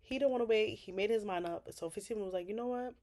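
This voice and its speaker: A woman chatting through a TV recap in a loose, casual way. Her voice sits mid-range and leaps up loud for outraged asides. She swears freely and talks straight to the characters. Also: mid-range voice, quick pace. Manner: animated, swearing, scolding characters as "girl". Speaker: TV recap vlogger.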